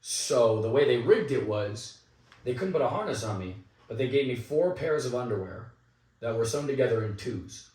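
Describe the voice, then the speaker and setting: A man's voice: medium pitch, moderate pace, distant mic. A young man, an actor guest in an interview, telling anecdotes casually and animatedly, acting out the people in his stories. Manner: animated anecdotal storytelling with quoted asides. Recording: echoey room, a bit off mic.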